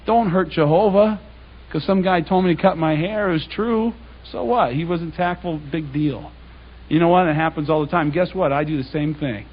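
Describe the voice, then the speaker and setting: In a dull lo-fi recording, a man with a highish, breathy-edged voice speaks at a moderate pace. He's delivering a public Bible talk as an anecdotal sermon, telling stories in a conversational way and playing out the dialogue by quoting others.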